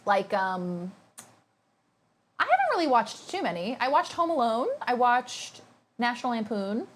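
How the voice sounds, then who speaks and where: A woman's voice: fairly high pitch, sing-song, a little slow, a bit bright. A young woman streaming live, chatting casually and playfully with her viewers and thanking them by name.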